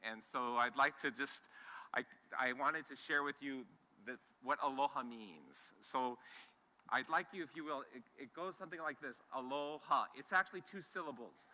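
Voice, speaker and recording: On stage in a large conference hall, a middle-aged man from Hawaii gives an enthusiastic keynote to a live audience, restarting now and then. His voice is mid-range with a sharp tone. Long hall reverb fills the recording.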